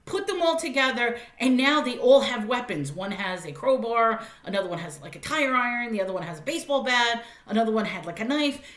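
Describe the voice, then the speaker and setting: A woman's voice: fairly high pitch, lively intonation, brisk, hardly any pauses, fairly bright tone, echoey room. A woman giving a casual, chatty spoken movie review, often laughing and using lots of fillers.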